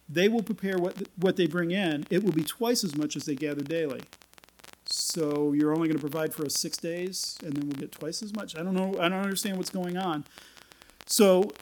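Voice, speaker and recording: A man with a fairly high voice delivers a relaxed, conversational sermon. He restarts phrases often and slips into everyday voices when paraphrasing scripture. A faint noise sits under the recording. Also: poor audio. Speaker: preacher.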